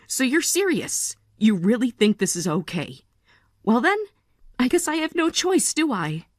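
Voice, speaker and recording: A woman in her forties playing a tired but resolute mother in a text-story drama, speaking in a calm, measured way. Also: on the high side, dry recording, studio quality. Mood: calm resolve. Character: weary, resolute mother leaving her family.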